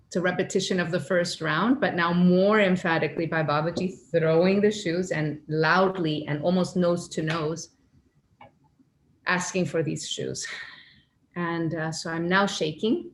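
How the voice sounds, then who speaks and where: A woman telling a personal spiritual story in an earnest, animated way, acting out her own inner voices. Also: fairly low pitch, slight background noise. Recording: echoey room with faint ambience.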